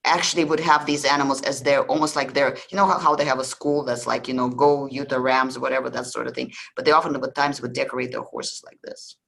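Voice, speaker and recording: A man's voice: mid-range voice, flat delivery, quick pace, vocal fry, hardly any pauses, a bit bright, rough recording. A man hosting a history podcast, talking loosely about ancient beliefs with many ums and restarts. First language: Russian. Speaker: podcast host. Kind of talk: casual history lecture.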